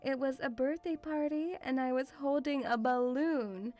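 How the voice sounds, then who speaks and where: A woman's voice: sits high, normal speed, darkish tone. A young woman from Russia, streaming casually, reading viewer messages and calling the viewer sweetie, with frequent giggles.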